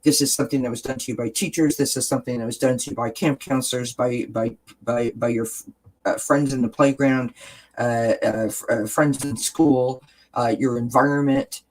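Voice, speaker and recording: A man's voice: medium pitch, steady tone, normal speed, darkish tone, rough recording. A man hosting a casual wellness chat, talking straight to his viewers in an earnest, encouraging way and repeating key phrases. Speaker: host.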